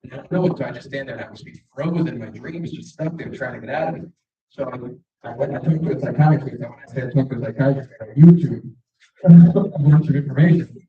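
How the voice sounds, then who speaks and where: A man's voice: mid-range voice, quick pace. A man doing stand-up, telling a story in a rambling, chatty, self-mocking way with lots of fillers, on a small stage before a live audience. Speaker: stand-up comedian. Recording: echoey room, distant mic, dull sound.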